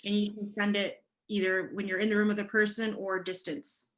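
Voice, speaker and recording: A woman's voice: mid-range voice, level tone, moderate pace. A woman hosting a podcast, asking clarifying questions and restating the guest's points back. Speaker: podcast host. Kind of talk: podcast interview.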